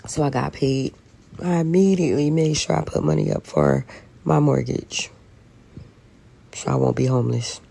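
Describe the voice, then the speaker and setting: Husky, gravelly woman venting. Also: rumbling low, animated, moderate pace, pauses often, mellow. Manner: profane, weary, tired of being an adult. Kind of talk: venting to camera.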